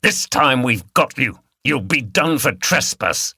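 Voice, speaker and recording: A man playing a burly, bearded countryman beater who speaks gruffly and threateningly. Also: mid-range voice, animated, slow pace, sharp tone, dry recording, studio quality, pitched above the performer's own voice, exaggerated voice. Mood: menacing.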